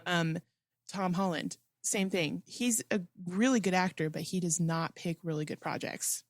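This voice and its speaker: Low-voiced woman chatting about movies. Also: measured pace, dry recording, studio quality. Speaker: podcast co-host. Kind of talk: casual movie chat.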